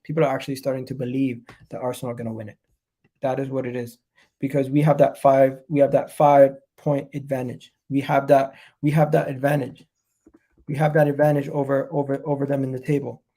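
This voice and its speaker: A man's voice: medium pitch, flat delivery, moderate pace, gravelly, warm tone. A man with a cold and a nasal voice, hosting a live fan reaction stream about his football club, talking in an emphatic, repetitive, hyped way. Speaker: football fan channel host.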